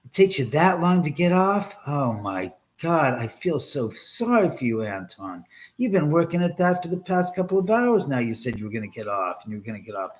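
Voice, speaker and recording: A man's voice: a little high, sing-song, normal speed. A man hosting a casual livestream from his home, rambling and joking crudely with viewers and laughing often. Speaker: livestream host.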